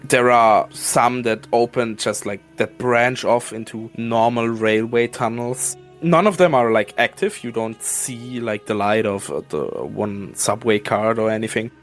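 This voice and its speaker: A man's voice: mid-range voice, unhurried, few pauses, faint music behind. A man narrating a horror tabletop game as game master, casual and full of fillers, relishing gory detail. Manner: casual, filler-heavy, gleeful gore description.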